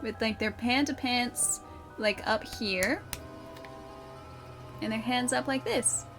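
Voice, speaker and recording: A woman's voice: fairly high pitch, takes it slowly. A woman streaming a video game, joking with her chat in casual commentary. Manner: playful, jokey banter with chat. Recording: game music underneath.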